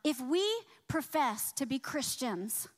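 A woman pastor preaching a sermon, climbing loud and high on key points and dropping low and quiet to quote scripture. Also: big pitch swings, slow.

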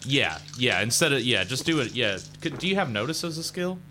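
A man's voice: medium pitch, very animated, brisk, sharp tone, slight background noise. A young man narrating a tabletop game as game master, in a casual, rambling way with fillers.

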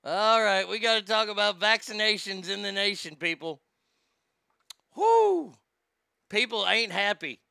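A man hosting a comedy show, venting in a loose, sarcastic, profane ramble that keeps stammering and restarting. His voice is high and gravelly, with a smooth, very bright tone. The sound is close and dry. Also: lively intonation, unhurried, long pauses, no echo. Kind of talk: profane comic rant.

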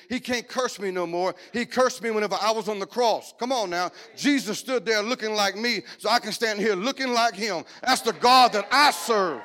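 A middle-aged male preacher delivers his sermon in a loose, lively way, slipping in jokes and stories as he goes. His voice sits notably high for a man. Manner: lively, joking storytelling preacher style.

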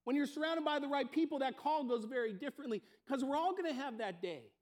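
A man's voice: very high voice, expressive, fast, a little mellow. A man preaching a sermon, telling everyday stories and acting out the people in them. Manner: storytelling, acting out everyday scenes. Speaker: pastor.

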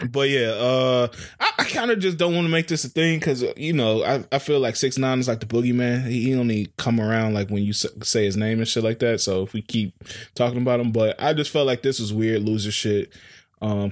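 A man's voice: mid-range voice, normal speed. A man co-hosting a casual podcast chat, laid-back, trailing off and laughing often. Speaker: podcast co-host.

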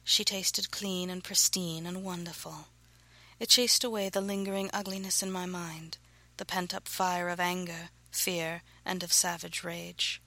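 A woman narrates her own erotic fiction softly and breathily, and she often slips into a near whisper. Her voice sits somewhat low, with a gravelly texture. There is a bright, sharp edge on top. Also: little pitch movement, unhurried, no echo, poor audio. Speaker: author reading her own novel. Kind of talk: reading erotic fiction aloud.

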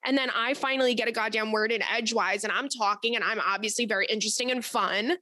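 A woman's voice: on the high side, fairly even intonation, quick pace, pushed and bright, no echo. A young woman hosting a podcast, telling stories in casual chat, blunt and profane with lots of energy. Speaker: podcast host.

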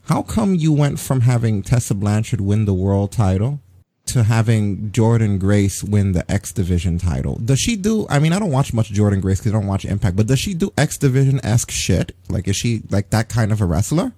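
Brief: male stream host, dark husky voice, easygoing chatter, dry close sound. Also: lowish voice, dry recording. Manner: relaxed, chatty, laughs often. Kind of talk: casual wrestling news chat.

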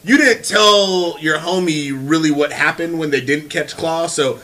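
Bright-voiced man reviewing a movie. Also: a little high, measured pace. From Northern California. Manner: animated, laughing, swears freely. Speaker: podcast co-host. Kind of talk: casual movie review chat.

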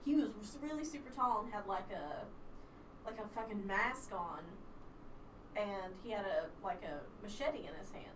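A woman's voice: medium pitch, expressive, moderate pace. A woman in her thirties telling a funny story in casual chat, rambling and swearing casually. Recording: distant mic with audible hiss.

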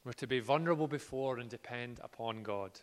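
A man preaching a sermon in an earnest way, moving from quiet words to loud ones. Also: mid-range voice, a little fast. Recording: reverberant hall.

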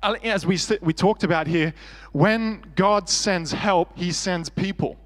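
A man's voice: high-pitched, measured pace, fairly bright tone, in a large hall. An Australian man preaching a sermon as pastor, earnest and conversational with self-deprecating humor.

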